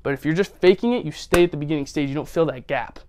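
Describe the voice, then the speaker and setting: A young man muses aloud in a loose, rambling way, filling pauses with fillers and heavy sighs between lifts. His voice sits a little high, and he sounds like he's working out in a home gym. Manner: rambling, many fillers, breathy strained sighs between reps. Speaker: vlogger filming his workout. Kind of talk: casual rambling monologue while lifting.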